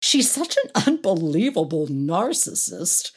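A woman's voice: lowish voice, big pitch swings, measured pace, husky, exaggerated voice. A woman voicing a handsome young male actor, new to the company and eager to gossip. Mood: gossipy.

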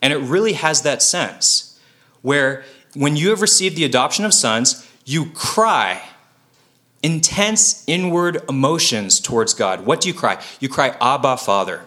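Guy preaching in a chatty way, bright tone, earnest, lots of ums and likes. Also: a little high, big pitch swings, a little slow. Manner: earnest and informal, many fillers and self-corrections. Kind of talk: conversational Bible teaching.

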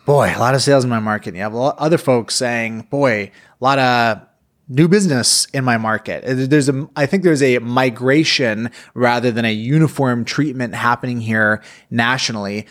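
A man's voice: medium pitch, moderate pace, a bit bright. A man hosting a podcast who asks thoughtful, long framing questions of his guest. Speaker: podcast host. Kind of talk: podcast interview.

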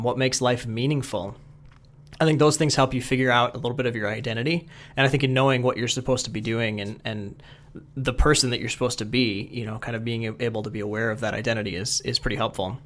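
A man in a reflective conversation, speaking at a medium pitch. He talks thoughtfully, pausing and restarting as he works through ideas, then slips into storytelling mode. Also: a bit bright. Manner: thoughtful, with many fillers and restarts.

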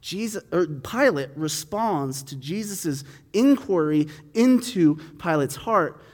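A man's voice: a little high, animated, slow pace. Conversational preacher man, echoing room. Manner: conversational, acts out dialogue with voices. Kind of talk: sermon, reading and explaining scripture.

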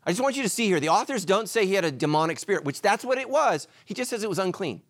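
A man preaching a sermon as pastor, animated, swinging between loud emphatic lines and hushed ones. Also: high voice, fast.

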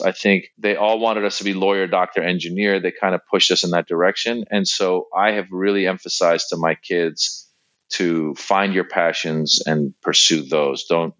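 Deep-voiced American man, chatty guest. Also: fairly bright tone, lo-fi sound. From Iran. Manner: chatty, rambling with restarts and asides. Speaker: interview guest, comedian. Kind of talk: casual interview conversation.

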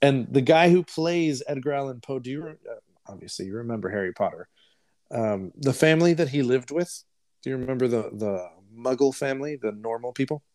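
A man co-hosting a casual podcast, talking in a loose, rambling way and laughing easily. His voice sits at an ordinary middle pitch. The sound is close and dry. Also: a little fast, a little mellow, no echo. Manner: chatty, laughs often, rambles between film titles. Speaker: podcast co-host. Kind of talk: casual chat.

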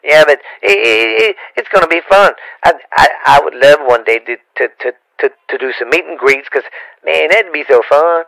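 A man's voice: on the high side, lively intonation, normal speed, vocal fry, fairly bright tone, no echo, low-quality recording. A man from Louisiana with a Cajun accent, chatting as a podcast guest in a rambling, stammering way with playful rhymes. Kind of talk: casual podcast banter.

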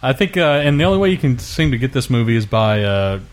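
A man's voice: mid-range voice, sing-song, fast. A man co-hosting a podcast, chatting casually while reviewing a movie, easygoing and laughing often. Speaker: podcast co-host.

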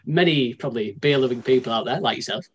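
A man's voice: medium pitch, quick pace, breathy edge, highs cut off. A man from the north of England co-hosting a casual podcast, rambling and joking and often correcting himself. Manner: rambling, self-correcting, jokey. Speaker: podcast co-host.

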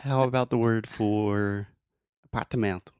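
Relaxed man teaching pronunciation. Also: on the low side, normal speed, clear, resonant tone, no room sound, clean studio sound. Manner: demonstrates sounds, relaxed and friendly. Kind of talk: casual teaching chat.

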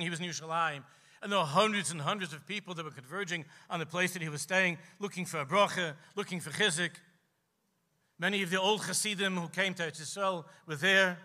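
A man, a rabbi preaching to a gathering, telling stories with passion and slowing down for emphasis. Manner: impassioned storytelling, slows for emphasis, drops low and quiet at key lines. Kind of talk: sermon at a gathering. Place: live event hall.

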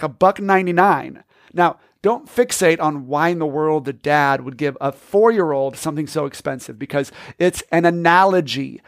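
A man's voice: on the high side, creaky, no room sound, studio quality. A man hosting a podcast, telling a story in an upbeat, casual way. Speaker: podcast host.

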